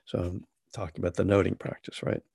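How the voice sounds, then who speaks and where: A man's voice: low voice, little pitch movement, quick pace, gravelly, darkish tone, breathy edge, no echo, clean studio sound. A man, an author, telling a personal story in a casual, rambling, self-deprecating way with many restarts.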